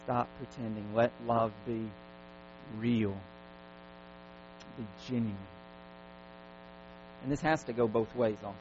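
A male pastor preaching a sermon, driving his points home through repeated commands. His voice sits at an ordinary middle pitch. The recording sounds dull and lo-fi, with a faint mains hum underneath. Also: steady tone, takes it slowly, long pauses. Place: church service.

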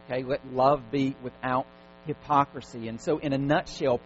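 A man's voice: mid-range voice, steady tone, moderate pace. A man preaching a sermon in a church service, stacking emphatic repeated commands. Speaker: pastor. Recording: dull lo-fi sound with faint mains hum.

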